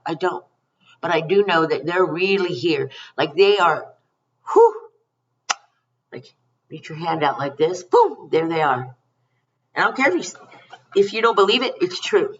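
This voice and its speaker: A woman's voice: fairly low pitch, a bit bright, recorded from a distance, dull audio, slight background noise. A middle-aged woman giving a spiritual card reading, rambling and emphatic, calling her listeners honey. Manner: rambling, emphatic and affectionate, calls listeners honey and you guys. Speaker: psychic card reader.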